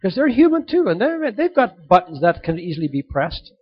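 A middle-aged man giving a motivational sermon to young people, emphatic and repetitive, sometimes dropping to a soft earnest tone. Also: high-pitched, sing-song, a little fast, slightly rough. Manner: emphatic, repeats key points, drops to soft earnest tones. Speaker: youth speaker. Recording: dull lo-fi recording.

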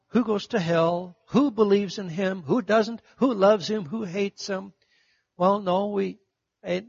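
High, husky-voiced male preacher. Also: no echo, highs cut off. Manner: storytelling, acts out quoted voices, big swings from loud to hushed. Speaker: pastor. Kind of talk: sermon.

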